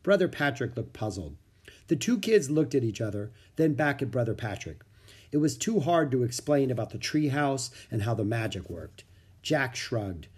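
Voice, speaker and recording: Male narrator, children's book, husky, animated delivery. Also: mid-range voice, normal speed.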